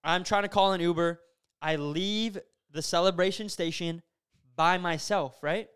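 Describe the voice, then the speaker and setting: A young man hosting a podcast, recounting a story in casual chat, animated and full of fillers like "bro" and "like". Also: high-pitched, unhurried, clear, resonant tone. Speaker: podcast host.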